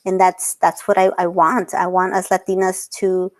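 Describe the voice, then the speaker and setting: A woman's voice: lowish voice, little pitch movement, moderate pace. A woman in her thirties, a portrait photographer talking as an interview guest. She speaks earnestly, laughs often and drops Spanish words into her English. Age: 30s. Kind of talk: casual interview talk.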